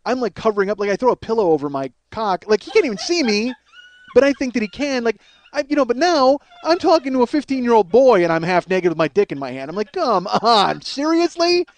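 A man with a notably high voice tells a raunchy personal story as a comedian host. He rambles, swears freely, and keeps repeating and restarting his sentences. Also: big pitch swings, fast. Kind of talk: crude comic storytelling.

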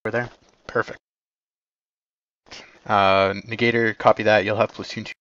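A man's voice: lowish voice, flat delivery, moderate pace, a bit bright. A man commanding teammates over voice chat in an online war game, giving clipped, terse orders. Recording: dull lo-fi mic capture.

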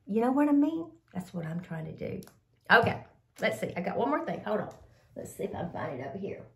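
Fast and lively with vocal fry, an older woman with a fairly low voice chats in an echoey room about products she likes. This vlogger rambles casually, sounds a bit sniffly from a cold, and addresses viewers as "y'all."

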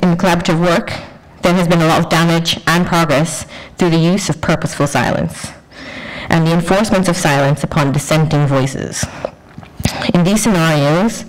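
Measured woman giving an academic paper. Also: sits low, steady tone, poor audio. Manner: measured, poetic, deliberate pauses. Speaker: curator and researcher.

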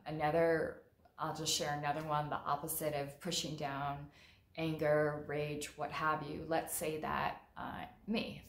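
A female therapist talks in a relaxed, candid monologue and slips into lively acted-out quotes. Her voice sits low, and the room around her rings with noticeable echo. She sounds conversational and direct. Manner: frank and conversational, acts out quotes vividly. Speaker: mental health therapist. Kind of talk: casual monologue talk. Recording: roomy echo.

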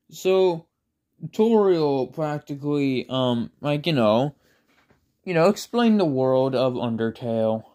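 A man's voice: mid-range voice, darkish tone. A man casually telling a made-up fan story, rambling with lots of filler words and self-conscious asides.

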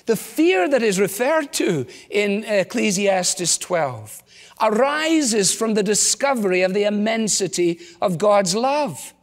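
A man's voice: sits high, animated, slow pace, in a large hall. A man preaching a sermon, earnestly asking his congregation rhetorical questions. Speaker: pastor. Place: church.

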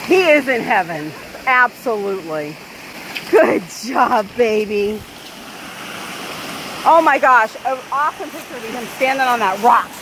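A woman's voice: a little high, expressive. A woman, a vlogger coaxing her dog and laughing often, recorded outdoors by a waterfall on a handheld camera. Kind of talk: casual vlog chatter. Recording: loud rushing water noise.

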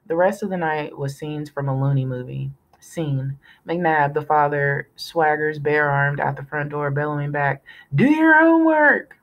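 A woman reading a novel aloud in a steady storytelling manner, now and then correcting herself. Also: sits low, moderate pace, few pauses, poor audio. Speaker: audiobook reader.

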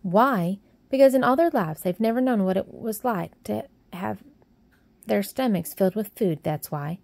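A woman's voice: mid-range voice, normal speed, creaky, darkish tone, close to an everyday voice. Woman doing a chatty young Yorkshire maid. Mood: scolding. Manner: friendly, plain-spoken, chatty. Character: cheerful plump young Yorkshire housemaid girl.

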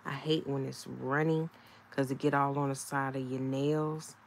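A woman's voice: extremely low pitch, level tone, normal speed, gravelly, slight background noise. A woman, chatting casually at home while doing her own nails, often laughing and talking to her nails. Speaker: nail vlogger. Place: home, indoors.

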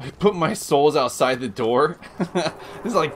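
A man streaming a game live, commenting casually and breaking into yells, groans and jokes as he plays. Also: on the high side, animated, unhurried, a little hiss or hum.

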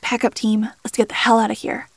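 Woman voicing veteran male squad leader, blunt, gruff, loyal, dry mic. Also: fairly high pitch, level tone, a little fast, no room sound. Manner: blunt, calls everyone kid.

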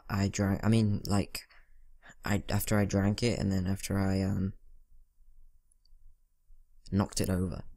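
A teenage boy giving rambling, casual commentary over a video game, talking to himself and mumbling asides. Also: on the low side. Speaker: gaming channel host. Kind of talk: casual let's-play commentary.

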